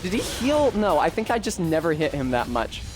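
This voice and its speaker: This streamer's fairly high, sing-song voice moves at normal speed as he plays through a boss fight. Cursing often, he grumbles at the boss in frustration, giving casual commentary while game music runs underneath.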